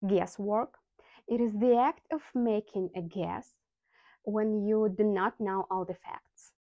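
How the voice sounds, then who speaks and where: A woman who is not a native English speaker, teaching English vocabulary in a scripted lesson with slow, careful enunciation of example sounds. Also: medium pitch, dry recording, muffled recording.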